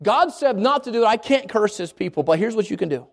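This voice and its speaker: Brief: preacher playing a crafty hired prophet, sly tone, fairly high voice. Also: male voice, expressive, fast, vocal fry, exaggerated voice. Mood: scheming. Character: scheming male prophet for hire, middle-aged.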